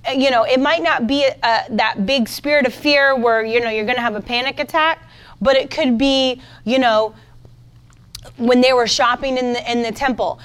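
A woman preaching a sermon in an animated way, moving from talk to loud indignation. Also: on the high side, normal speed. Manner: animated, mocking quoted voices, rising to loud indignation.

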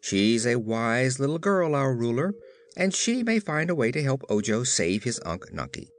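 A man's voice: mid-range voice, big pitch swings, normal speed. A man voicing a stern but tender-hearted male tin emperor in a storybook reading, speaking in earnest, emphatic declarations. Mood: firm.

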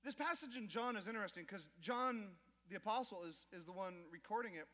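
A man preaching a sermon from the pulpit, his voice sitting unusually high. He tells stories by acting out little scenes and tosses jokes at the congregation. The sound rings with the long reverb of a large church hall. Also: brisk. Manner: animated storytelling with acted asides to the crowd. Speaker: pastor. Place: church auditorium.

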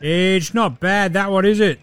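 Aussie bloke hosting a sports pod, sweary and sarcastic, bit higher voice, faint music under it. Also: male voice, unhurried, fairly bright tone, smooth. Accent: Australian. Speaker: podcast host. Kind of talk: casual sports chat.

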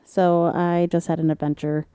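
A woman co-hosting a podcast, telling a story in casual chat and acting out quotes in a loud, high voice. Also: little pitch movement, normal speed, very noisy. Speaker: podcast co-host.

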